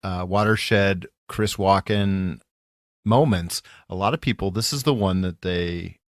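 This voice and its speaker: A man co-hosting a podcast, chatting casually about a film in a halting way with many fillers. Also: low-pitched, no room sound, clean studio sound. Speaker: podcast co-host. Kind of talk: casual movie review chat.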